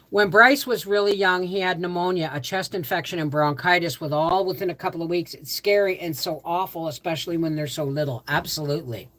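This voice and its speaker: A woman's voice: on the low side, expressive, normal speed, a bit bright. An older woman, hosting a livestream and chatting in a rambling, easygoing way as she answers viewer comments. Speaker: livestream host. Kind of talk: casual livestream chat.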